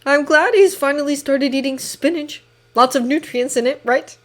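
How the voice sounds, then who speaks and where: A woman's voice: sits high, moderate pace, pitched above the performer's own voice, lightly acted. Woman doing a sly, teasing male ninja. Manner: light, playful teasing.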